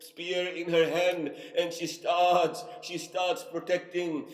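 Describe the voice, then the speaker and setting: A high-pitched man preaches in an impassioned narration that swells into cries. He repeats his phrases as the story builds. A long, roomy reverb surrounds him, as in a large hall. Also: little pitch movement, slow pace. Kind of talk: emotional sermon narration.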